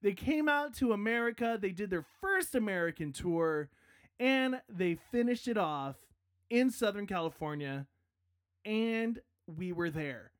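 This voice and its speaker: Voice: mid-range voice, no echo, studio quality. Chatty self-mocking podcast host. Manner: bursts into loud hype yells. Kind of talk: casual podcast outro with plugs.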